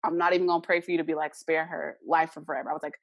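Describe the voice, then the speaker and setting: A woman's voice: deep voice, little pitch movement, racing, no room sound. A young adult woman, a podcast guest, earnestly telling a personal story and acting out the remembered dialogue.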